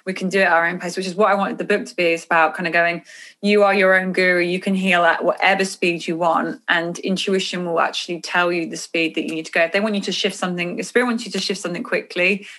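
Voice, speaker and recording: A woman author talking casually about intuition and energy in an earnest, animated way on a podcast. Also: on the low side, fast talker. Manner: earnest, animated, drifts into quoted inner voices.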